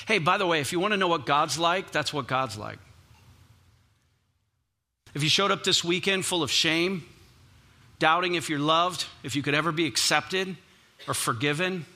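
A man's voice: a little high, bright, forceful tone. A man preaching a sermon as a pastor, conversational and emphatic, often repeating words for stress.

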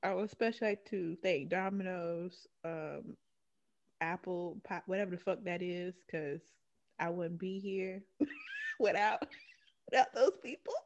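A woman's voice: fairly low pitch, wildly swooping pitch, measured pace, lo-fi sound. A woman co-hosting a podcast, telling a profane story in casual chat and laughing often. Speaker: podcast co-host.

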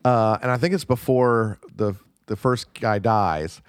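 A man's voice: mid-range voice, a little slow, clear, resonant tone, dry recording, clean studio sound. A man co-hosting a casual movie review podcast, joking and laughing as he picks apart scenes. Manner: laughing, joking, quotes film lines in put-on voices. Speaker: podcast co-host.

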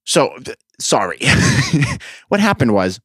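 A man's voice: on the high side, huge pitch swings, slow, a bit bright, breathy edge, dry recording, studio quality. A young man hosting a podcast, ranting in a profane, sarcastic, rambling way. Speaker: podcast host. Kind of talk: casual podcast rant.

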